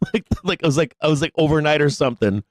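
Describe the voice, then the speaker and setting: A man's voice: a little high, lively intonation, quick pace, no echo. A man hosting a live stock market show, ranting casually and profanely about trading with frequent laughs.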